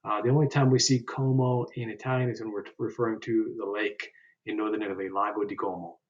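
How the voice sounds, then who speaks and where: A man teaching a language lesson, carefully pronouncing example phrases slowly and explaining them with frequent fillers. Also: medium pitch, little pitch movement, highs cut off. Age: older than twenty, joking about it. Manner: slow, deliberate pronunciation of example phrases with uh fillers. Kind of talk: explaining vocabulary step by step.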